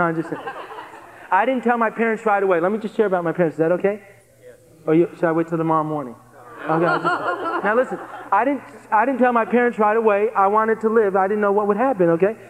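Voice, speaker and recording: Guy telling his testimony to a crowd, earnest and animated, high voice, big hall reverb. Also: brisk, pauses often. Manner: earnest, animated, repeats phrases for emphasis. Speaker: guest speaker giving a testimony. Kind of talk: testimony sermon storytelling.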